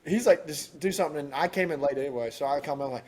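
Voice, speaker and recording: A man's voice: mid-range voice, fast, a little mellow, a little hiss or hum. A young man guesting on a podcast, chatting in a laid-back, slangy way. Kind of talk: casual podcast chat.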